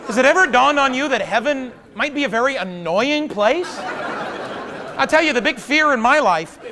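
A man in his thirties performing a stand-up monologue, wry and storytelling, breaking into loud exasperated punchlines. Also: extremely high pitch, expressive, moderate pace, crowd noise, background noise. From Pacific Northwest of the US. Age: 30s. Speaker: stand-up comedian. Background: audience laughter.

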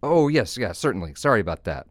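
A man's voice: fairly low pitch, big pitch swings, fast, no echo, studio quality. A man doing an eager bartender. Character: eager, chatty male bartender.

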